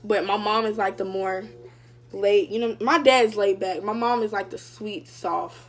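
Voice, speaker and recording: A woman's voice: mid-range voice, steady tone, unhurried. A young woman vlogger casually telling a story to her viewers, chatty and full of fillers. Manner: chatty, addresses viewers directly, many fillers.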